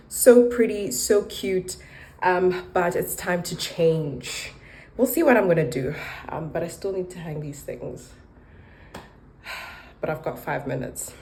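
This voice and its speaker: Chatty young woman with a low voice. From South Africa. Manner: chatty, animated storytelling with many fillers. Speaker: vlogger. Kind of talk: casual vlog chat and storytelling.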